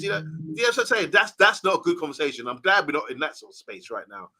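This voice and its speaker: A man co-hosts a football fan livestream in easy casual chat. His voice is bright and forceful. He gets animated, acting out imagined conversations. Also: a little high, quick pace, hardly any pauses, husky.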